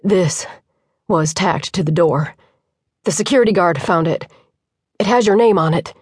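A woman's voice: fairly low pitch, a little slow, slightly rough, dry recording, studio quality. A woman narrator voicing an earnest, worn-out young man who manages a building site. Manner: earnest, weary. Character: tired, loyal young male site manager.

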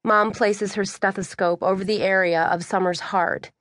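A woman reading a first-person audiobook in a measured storytelling way. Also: mid-range voice, steady tone, a bit bright, no room sound, clean studio sound. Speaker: audiobook narrator.

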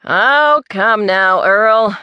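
A woman's voice: medium pitch, very slow, clear, resonant tone, no echo, lo-fi sound. A woman voicing a blunt, outspoken middle-aged man who teases sharply. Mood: needling. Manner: teasing and sharp.

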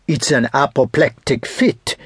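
A man voicing a hobbling, gouty old servant who speaks in a hoarse, slow voice. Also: mid-range voice, no echo, clean studio sound. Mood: fussy. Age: older. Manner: slow, halting replies. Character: little bandy-legged gouty old man, fussy.

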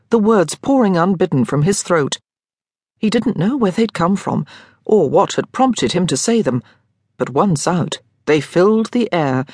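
A woman narrating an audiobook with expressive, lively storytelling. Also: fairly low pitch, breathy edge, no echo, clean studio sound. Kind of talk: scripted narration.

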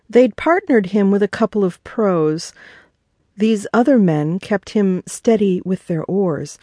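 A woman, the author, narrating her own children's audiobook in a measured way. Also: on the low side, dark tone, no echo. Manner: slow, measured reading.

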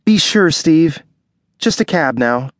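A man voicing an anxious young pregnant wife in an audiobook, speaking softly and pleadingly. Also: fairly high pitch, animated, slow, no echo, clean studio sound, voice pushed up. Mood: worried. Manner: pleading, soft and worried. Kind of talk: audiobook character voice.

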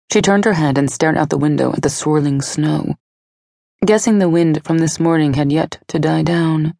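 A woman narrating an audiobook in a steady, even storytelling delivery on a close studio mic. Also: low-pitched, normal speed, vocal fry, dry recording.

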